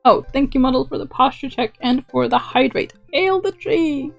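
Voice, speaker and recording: A woman's voice: sits high, normal speed, gravelly, muffled recording, faint music behind. A young adult woman on a casual game stream, playful and laughing often as she reads dialogue aloud.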